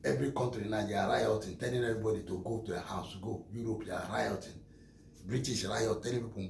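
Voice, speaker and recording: Gravelly Nigerian man, impassioned commentary. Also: fairly low pitch, fairly even intonation, fast, a little mellow, reverberant, a little hiss or hum. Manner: emphatic, repeats phrases, acts out dialogues.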